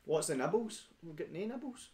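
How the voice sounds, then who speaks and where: A man's voice: a little high, expressive, fairly quick, a loud crowd. A young Scottish man hosting a casual beer-drinking stream, full of rowdy, sweary banter. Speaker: stream host. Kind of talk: casual chat.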